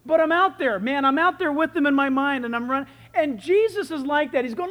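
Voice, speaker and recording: Animated male preacher delivering a sermon. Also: extremely high pitch, fairly quick, hardly any pauses, long reverb tail. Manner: animated and enthusiastic, with big swings in loudness.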